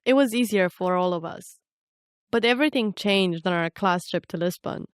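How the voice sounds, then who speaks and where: A woman's voice: mid-range voice, moderate pace, smooth, no echo. A young Romanian-born woman, a native Romanian speaker, reads scripted documentary narration about her own life. Her delivery is reflective and personal. The recording is close and completely dry, with no room sound. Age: young adult. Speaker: narrator and reporter.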